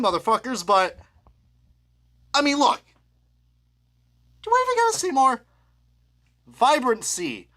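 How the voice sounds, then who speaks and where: A young man ranting live about his collection, excitable and foul-mouthed. His voice swings widely up and down and has a bright, forceful edge. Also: very high voice. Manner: excitable and profane, with loud laughing outbursts. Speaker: diecast reviewer. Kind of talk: live rant review.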